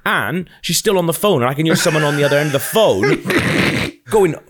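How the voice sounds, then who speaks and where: A man's voice: fairly high pitch, fairly quick, slightly rough. A man telling a comedic story in casual chat, swearing often and restarting his sentences. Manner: animated, swearing, with frequent restarts and laughter. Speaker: podcast co-host telling a story.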